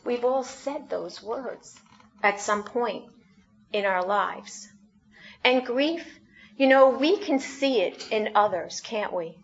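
A woman pastor preaching a sermon, reflective and gentle, often asking the congregation questions. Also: on the high side, expressive, slow pace, highs cut off.

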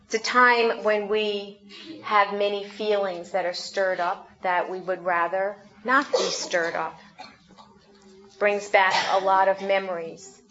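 A woman pastor preaching a sermon, reflective and gentle, often asking the congregation questions. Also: medium pitch, level tone, slow pace, highs cut off, slight background noise.

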